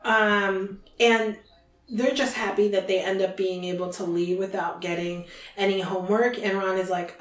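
A woman hosting a podcast, casually retelling a book chapter in chatty, animated fashion. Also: mid-range voice, normal speed. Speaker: podcast host. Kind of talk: casual book recap chat. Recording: roomy, distant from mic.

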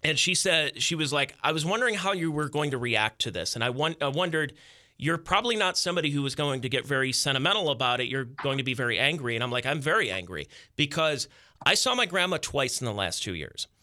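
A man's voice: medium pitch, lively intonation, quick pace, bright, forceful tone. A man in his thirties, a podcast guest, ranting angrily and sarcastically in casual chat.

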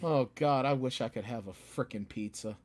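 A man, a guest author, chatting casually and animatedly, often slipping into loud ranting voices. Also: mid-range voice, normal speed. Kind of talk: casual chat.

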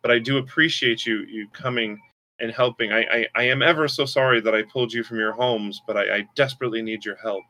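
A man's voice: mid-range voice, quick pace, sharp tone, close to an everyday voice. Narak, a man voicing a wispy timid squirrel spirit. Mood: pleading. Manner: hesitant, stammering, apologetic. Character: timid small squirrel nature spirit, apologetic.

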